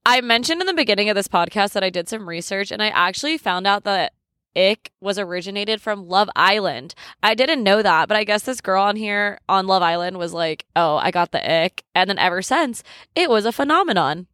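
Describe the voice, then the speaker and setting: A woman's voice: medium pitch, lively intonation, fairly quick, a bit bright, no room sound, studio quality. A young woman hosting a podcast in a candid, casual chat, laughing often and swearing freely. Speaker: podcast host.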